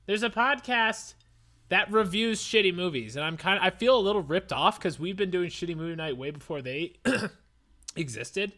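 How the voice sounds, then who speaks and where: A man in his twenties co-hosting a casual podcast, loud and excitable, ranting and joking at himself. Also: high-pitched, moderate pace. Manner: loud, excitable, self-mocking rants. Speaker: podcast co-host.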